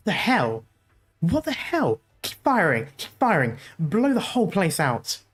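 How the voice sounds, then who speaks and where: A woman's voice: on the low side, sing-song, unhurried, slightly rough, faint music behind, voice pushed up, full character voice. A woman voicing a violent, panicky soldier who barks harsh orders while reading a game's story aloud. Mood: panicked. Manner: shouted orders, harsh and frantic.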